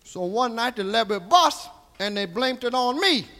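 Brief: a comedian voicing an old Southern country man spinning tall tales, bright high voice, live hall echo. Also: expressive, moderate pace, full character voice. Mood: rambling. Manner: drawling, folksy, coarse, keeps asking "see?". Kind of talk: stand-up character monologue.

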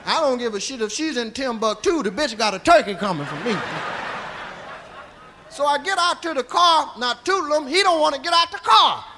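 Man, very high voice, profane comic storyteller, drawling, faint background hiss. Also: lively intonation, moderate pace, sharp tone. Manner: raunchy, drawling, tags lines with "see?".

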